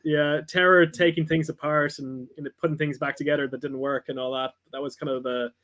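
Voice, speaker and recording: A man, a whiskey maker talking as a guest on a livestream in a rambling, halting way with many restarts. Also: on the high side, flat delivery, a bit bright. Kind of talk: casual livestream chat.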